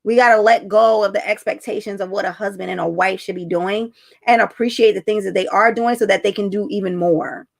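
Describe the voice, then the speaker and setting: Gravelly-voiced woman telling a story. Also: mid-range voice, steady tone, a little fast. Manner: chatty storytelling, acts out quotes. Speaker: relationship coach. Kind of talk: casual talk to camera.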